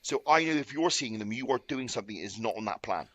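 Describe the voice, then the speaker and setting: A man's voice: medium pitch, expressive, fast, a bit bright, dry recording. A young man, a bodybuilding coach, earnestly explaining client honesty in a casual podcast chat, full of "like" fillers.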